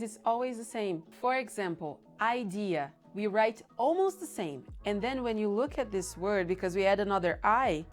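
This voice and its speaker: A woman with a Brazilian accent from Curitiba and São Paulo, a language teacher patiently explaining pronunciation and repeating example words. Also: medium pitch. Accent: Brazilian, Curitiba and São Paulo mix. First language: Portuguese. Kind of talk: online pronunciation lesson.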